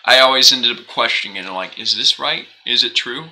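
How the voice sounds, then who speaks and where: A young man chats casually on a live game stream, his medium-pitched voice moving fairly quickly. He rambles, second-guesses himself, and laughs often in an animated way. The low-quality recording carries slight background noise.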